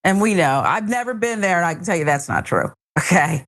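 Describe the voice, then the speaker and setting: A woman's voice: fairly low pitch, expressive, a little fast, a bit bright. A woman hosting a talk show, giving wry, emphatic commentary on a news story. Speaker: show host.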